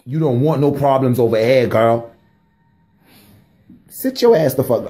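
Young guy slangin' and scolding like a fake judge, kinda raspy, pitch all over. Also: a little slow, pauses often. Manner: slangy street talk, mock mediator; scolding, animated outbursts. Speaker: comedic vlogger. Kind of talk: comic running commentary to dogs.

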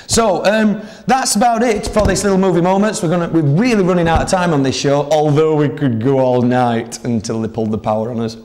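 A man hosting a local TV show and tossing out dry, offhand quips. His voice sits slightly high for a man. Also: brisk, darkish tone. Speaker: presenter. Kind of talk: jokey TV presenting.

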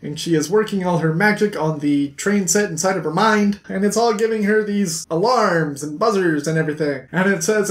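A man reviewing a book on his vlog, ranting in an exasperated, animated way. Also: high-pitched, brisk, hardly any pauses. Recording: echoey room.

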